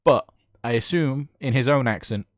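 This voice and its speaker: British male gaming YouTuber, casual replay commentary, eager and chatty, mid pitch, dry. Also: moderate pace, no room sound. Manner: enthusiastic, chatty, excitable.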